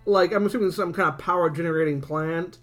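Male podcast co-host, high bright voice, joking and swearing, faint music behind. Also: fast talker. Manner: laughing, swearing, wisecracking. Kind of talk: casual comic book review chat.

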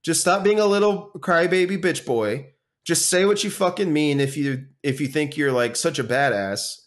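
A man co-hosting a casual podcast chat, swearing freely, ranting and mocking people in quick impressions. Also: fairly high pitch. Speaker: podcast co-host.

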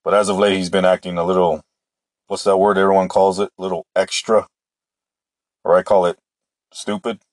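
Male sports podcast host, deep voice, opinionated rambler, dry close-mic sound. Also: flat delivery, moderate pace, long pauses, no room sound. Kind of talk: casual solo sports talk.

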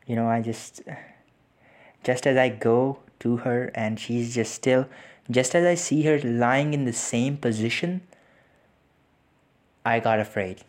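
A young man hosting a podcast, recounting a painful loss in a halting way, with repeated words and sighs, close to tears. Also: lowish voice. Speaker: podcast host. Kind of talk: personal reflective storytelling.

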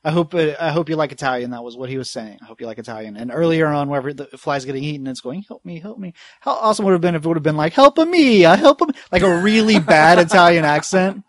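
A man's voice: on the high side, fast, hardly any pauses, no echo, studio quality. A man, a guest on a movie podcast, rambling and giggly, slipping into silly voices. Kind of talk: casual movie podcast chat.

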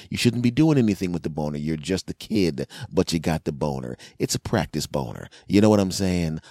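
A man with a low, deep voice riffs through a rambling comedic monologue, animated and crude. The sound is close and dry, with no room around it. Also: creaky, no echo. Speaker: podcast host.

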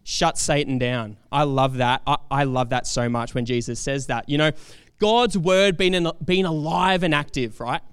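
A man's voice: on the high side, moderate pace, a bit bright, smooth, no echo, studio quality. A man preaching a casual, enthusiastic sermon, talking conversationally with frequent fillers and restarts.

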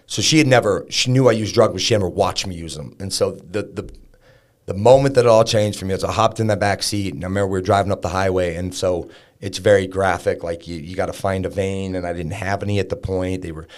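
Deep-voiced and fast, a man on a podcast as a guest shares a raw personal story. He's frank and casual, swearing freely and filling his speech with fillers, in the style of candid storytelling during an interview.

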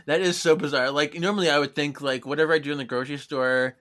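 A young man co-hosting a casual book chat, recapping scenes in a relaxed way and acting out the characters' lines. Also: on the high side, quick pace. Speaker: podcast co-host.

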